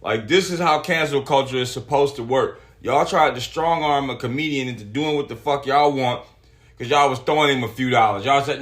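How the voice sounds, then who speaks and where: A man hosting a solo podcast, talking casually with lots of swearing and reading articles aloud in an animated way. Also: mid-range voice, brisk. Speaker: podcast host.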